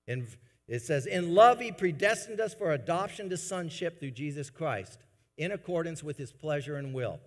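Man, pastor, dynamic sermon, soft asides and loud bursts, highish voice, long church reverb. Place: church sanctuary.

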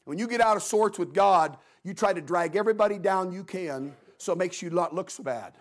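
Folksy animated man preaching. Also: high voice, a little fast. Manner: folksy, animated storytelling with acted-out quotes. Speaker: guest preacher. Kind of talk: Sunday evening sermon.

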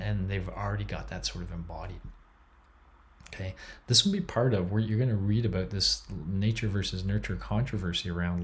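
A man's voice: sits low, slight background noise. A man giving a university psychology lecture in a chatty, enthusiastic way, with many fillers and restarts.

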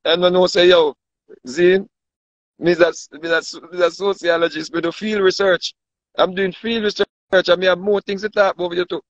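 A man's voice: high-pitched, flat delivery, normal speed, dry recording. A man with a Jamaican accent ranting casually, boastful and repetitive, often asking if you understand him. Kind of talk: casual rant to camera. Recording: dull dry lo-fi sound.

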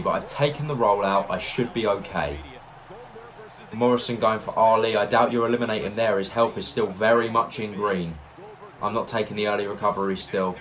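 A man giving excitable let's-play commentary, narrating each move and reacting loudly as he plays. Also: fairly low pitch. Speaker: gaming YouTuber.

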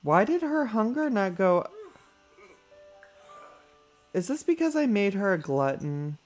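A man's voice: sits high, very animated, takes it slowly, soft background music. A man giving chatty let's play commentary, calling his viewers y'all and talking back to his character with sass. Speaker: gaming YouTuber.

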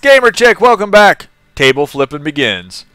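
Chatty gamer man with a bright, crisp voice. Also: sits high, sing-song, normal speed, no room sound, clean studio sound, soft background music. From California. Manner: chatty, laughs often, greets and answers chat. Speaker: live-streaming gamer. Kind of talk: casual live-stream commentary.

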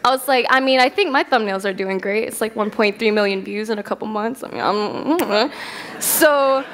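On stage at a festival, a young woman gives a casual, candid talk, telling stories with plenty of swearing and frequent laughter. Her mid-range voice is a bit bright and moves at a normal speed.

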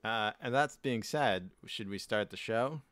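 A man's voice: fairly low pitch, unhurried, a bit bright, no echo. A man co-hosting a podcast, joking and laughing as he chats casually. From US East Coast. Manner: jokey, laughs often, does silly voices. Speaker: podcast co-host.

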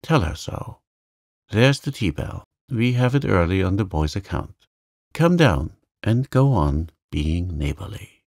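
A man voicing a gruff, stern old gentleman who is kind underneath, speaking abruptly in short sharp questions. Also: sits low, big pitch swings, measured pace, dry recording, clean studio sound, heavily acted. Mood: approving.

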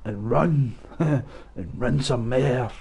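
A young man talks through a shooter match with a relaxed, mellow voice, swearing freely and mixing sarcasm with laughter. He is recorded close on a headset, with faint game gunfire behind him. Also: medium pitch, extremely slow, vocal fry, a little hiss or hum. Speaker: gaming streamer. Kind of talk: casual gameplay commentary. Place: at home.

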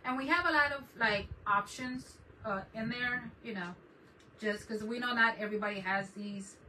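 A woman's voice: fairly high pitch, moderate pace, sharp tone. A woman hosting a casual craft live stream from her desk at home, chatting and laughing often as she greets viewers by name. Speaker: craft channel host. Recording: distant mic with faint background noise.

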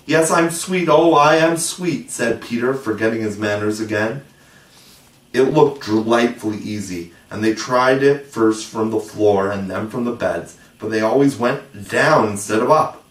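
Low-voiced man reading a storybook. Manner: expressive, measured storytelling. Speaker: audiobook narrator. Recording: roomy, distant mic.

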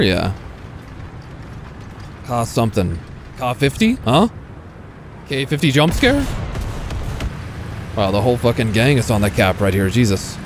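A man giving casual commentary over his own gameplay, excitable, swearing freely and talking to enemy tanks. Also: on the low side, slight background noise. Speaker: gaming YouTuber.

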